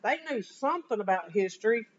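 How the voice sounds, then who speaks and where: Animated woman teacher firing off questions. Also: mid-range voice, fairly quick, muffled recording. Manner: animated, rhetorical questions to students. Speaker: history teacher. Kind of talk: classroom lecture. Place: classroom.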